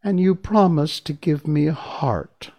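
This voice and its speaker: A man voicing a forceful tin woodman in a storybook reading, speaking angrily and loud. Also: on the high side, unhurried, voice pushed up. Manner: angry, loud.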